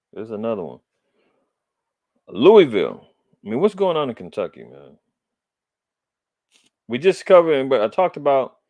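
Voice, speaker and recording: A man's voice: medium pitch, darkish tone, no echo. A middle-aged man from Los Angeles hosting a religious commentary show, indignant and preacherly as he comments on the news and reads scripture with emphasis.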